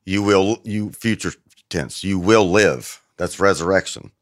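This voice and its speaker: A man with a very low voice, a podcast guest explaining the grammar of Greek scripture. He talks with emphasis and pauses on ums. The sound is dry and close. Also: dry recording. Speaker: guest scholar. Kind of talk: casual theological explanation.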